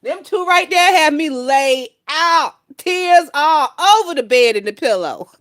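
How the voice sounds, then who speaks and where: A woman's voice: high-pitched, expressive, measured pace, fairly bright tone, no echo, studio quality. A woman hosting a gossip channel, talking bluntly and with lots of swearing and laughter. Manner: blunt, profane, laughs often. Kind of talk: casual commentary.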